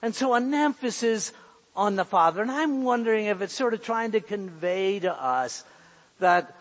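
Man preaching a sermon, high husky voice, slow earnest delivery, long hall reverb. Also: lively intonation. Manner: earnest, repeating key phrases for emphasis.

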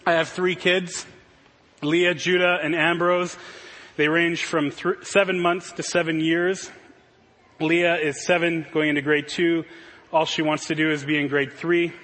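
Male pastor in his thirties, slightly husky and a bit high-voiced, preaching with earnest storytelling in a long-echo hall. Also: flat delivery, measured pace, a bit bright. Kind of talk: sermon. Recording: reverberant hall.

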